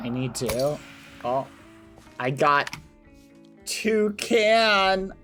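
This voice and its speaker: A man's voice: medium pitch, slow, fairly bright tone, soft background music. A young man chatting playfully with viewers during a casual live game stream. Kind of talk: casual live-stream chat while playing.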